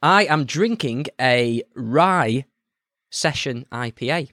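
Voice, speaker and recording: A man's voice: mid-range voice, expressive, slow, sharp tone, no echo. Man, podcast co-host, casual chat, playful storyteller, dry close sound.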